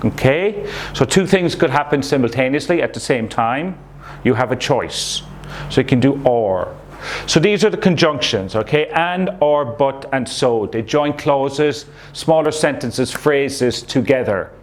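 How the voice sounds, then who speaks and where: A man's voice: mid-range voice, animated, measured pace, slight background noise. A man teaching a recorded English lesson to young pupils, explaining patiently and checking in with "okay?" as he goes. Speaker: primary school English teacher.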